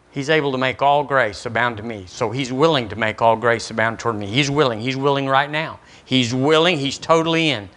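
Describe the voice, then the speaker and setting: A man's voice: medium pitch, bright, forceful tone. A middle-aged man preaching a sermon as pastor, folksy and acting out little dialogues. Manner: folksy, acts out dialogues with God.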